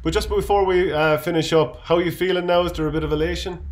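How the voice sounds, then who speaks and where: An Irish man hosting a casual interview, friendly and brisk as he asks questions and wraps up. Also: high voice, steady tone. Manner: friendly, brisk host wrap-up. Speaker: host.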